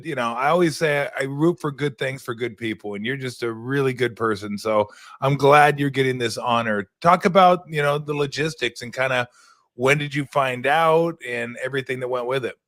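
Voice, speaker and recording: A man's voice: mid-range voice, normal speed, a bit bright, no echo, studio quality. A man hosting a talk show, asking long, rambling, enthusiastic questions in a casual way. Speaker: host. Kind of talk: casual interview chat.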